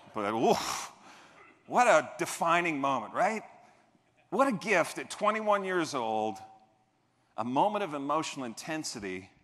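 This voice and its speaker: A man's voice: on the high side, sharp tone. A man on stage giving a motivational keynote, telling funny stories with playful asides to the audience. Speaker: keynote speaker. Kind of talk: motivational keynote with humorous storytelling. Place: large convention hall stage. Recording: echoey convention hall.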